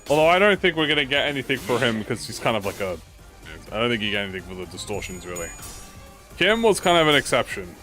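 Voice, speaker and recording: A young man chats his way through a video game, excitable and full of slang, dropping curses as he reasons out his moves. His pitch swings widely from low mutters to high yelps, with faint game music running in the background. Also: fast talker. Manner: excitable, slangy, swears casually, thinks aloud. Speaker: gaming YouTuber. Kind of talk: casual let's-play commentary.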